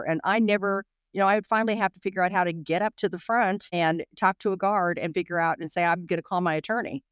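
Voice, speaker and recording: Woman interview guest, mid-pitched, rapid and emotional, lots of restarts, dry close recording. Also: smooth, no room sound. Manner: rapid, emotional, full of restarts and "you know". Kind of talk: candid interview recollection.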